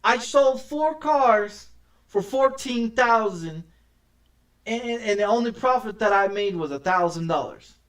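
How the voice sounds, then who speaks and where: This streamer's voice sits high and runs a little slow, with a somewhat bright tone picked up far from the mic. He rants through his game in casual commentary, cursing a lot and tripping over repeated words.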